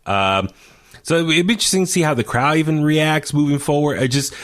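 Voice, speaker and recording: A man's voice: on the high side, animated, a little fast. Rambling middle-aged man co-hosting a podcast. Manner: rambling, searches for names, many fillers. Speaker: podcast co-host. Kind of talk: casual wrestling review chat.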